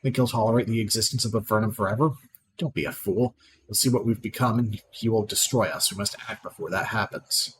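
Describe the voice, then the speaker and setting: A man reading out the lines of a proud, scornful female sorceress in a video game, plainly and with small slips, over clear background noise. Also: on the low side, fairly even intonation, fairly quick, natural voice.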